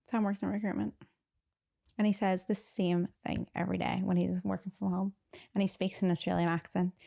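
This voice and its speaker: A young woman hosting a casual podcast chat with her boyfriend, talking in a teasing, animated way. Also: fairly low pitch, fairly quick, vocal fry. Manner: chatty, teasing, animated storytelling. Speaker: podcast host.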